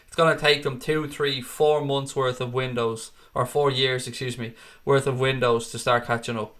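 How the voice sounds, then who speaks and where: A man's voice: mid-range voice, level tone, normal speed, a bit bright. Blunt, outspoken man hosting a livestream. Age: adult with a wife and kids. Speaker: host of a fan channel livestream. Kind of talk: casual livestream chat answering viewer comments.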